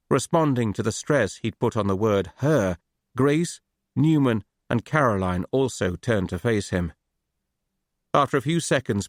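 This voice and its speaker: A man narrating a thriller audiobook in a steady, even way. His voice is low and gravelly, with a dry, close sound and no room echo.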